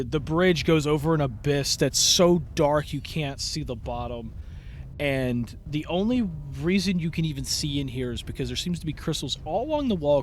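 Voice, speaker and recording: Lively, rambling game master. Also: male voice, fairly high pitch, slight background noise. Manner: lively, meandering, many fillers. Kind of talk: narrating a tabletop game.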